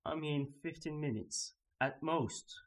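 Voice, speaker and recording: A man's voice: fairly high pitch, a little slow, voice pushed up, lightly acted. A man reading a colleague running late. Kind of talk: scripted dialogue for learners.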